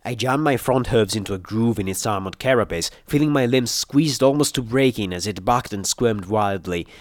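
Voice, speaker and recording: A man reading an action story aloud in first-person narration, with steady, dramatic storytelling. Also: fairly low pitch, normal speed, no echo, clean studio sound. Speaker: audiobook reader.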